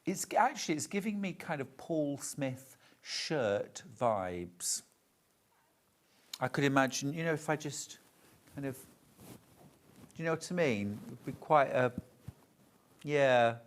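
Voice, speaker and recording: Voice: mid-range voice, animated, unhurried, pauses often. Chatty shopping-channel presenter. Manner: chatty, gushes over the fabrics. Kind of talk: live TV sales presenting.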